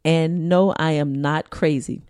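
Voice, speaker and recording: A woman co-hosting a casual podcast, sassy and animated, laughing often as she reads a listener email. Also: deep voice, a little slow, no room sound, studio quality. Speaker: podcast co-host.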